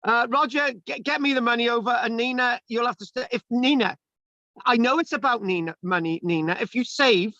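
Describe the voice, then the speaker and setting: High-voiced man lecturing jokily. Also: brisk, sharp tone, no room sound, muffled recording. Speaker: history lecturer. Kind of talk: teasing online class.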